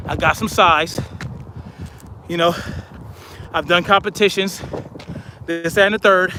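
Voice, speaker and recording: Cocky gym-bro bodybuilder who brags about his stature, a man putting it on, higher voice, faint hum behind. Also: steady tone, unhurried. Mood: boastful. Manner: bragging, self-important. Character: boastful bodybuilder man talking big.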